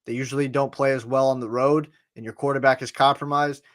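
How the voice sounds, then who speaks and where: A man's voice: mid-range voice, level tone, a little fast, a bit bright, dry recording, clean studio sound. A man co-hosting a sports podcast, making emphatic picks and leaning on "listen" and "like I said". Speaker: podcast co-host.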